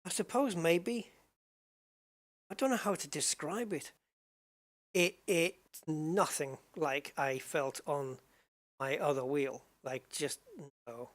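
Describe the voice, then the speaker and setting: A man's voice: on the high side, slow pace, pauses often. A man giving live commentary while driving a racing sim, exclaiming often as he wrestles a heavy wheel. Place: home sim rig. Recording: loud racing game engine noise behind.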